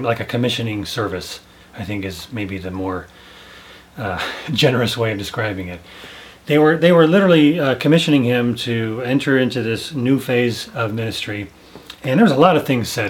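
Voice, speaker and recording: A man hosting a casual religious talk, speaking earnestly and emphatically while searching for words. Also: medium pitch. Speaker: host.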